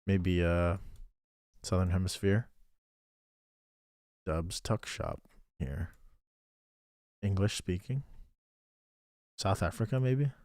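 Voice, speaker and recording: In a deep, darkish voice, a man takes his time and pauses often as he streams a geography game. He chats, reasons out loud, and thanks viewers, all captured in dry, clean studio sound.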